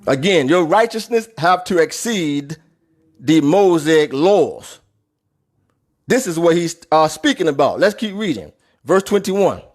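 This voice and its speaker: A man preaching a Bible lesson, emphatic, repeating and rereading verses slowly. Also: on the high side, very animated. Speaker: Bible teacher. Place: New York City.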